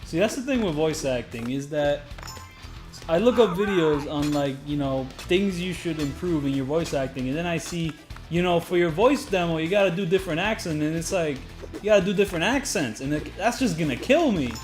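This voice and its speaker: A gamer giving casual let's-play commentary, excitable and rambling, laughing at their own jokes. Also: mid-range voice, brisk. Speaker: gamer playing through a game. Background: game music and sounds.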